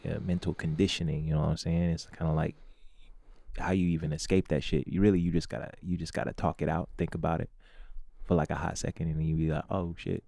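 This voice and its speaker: A man's voice: a bass voice, level tone, fast, creaky, warm tone, no room sound, studio quality. A man from St. Louis, a podcast co-host, chatting casually, laughing often and checking in with "you know what I'm saying". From St. Louis, USA. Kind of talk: casual comedic chat.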